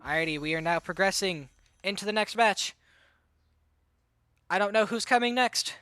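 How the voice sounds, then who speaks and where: A high, bright male voice calling a live game match at full tilt. He is hyper and a little out of breath, with sudden shouts when a big play lands. The sound is dry and close to the mic. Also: moderate pace, smooth, no room sound. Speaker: tournament caster and streamer. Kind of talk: live esports commentary.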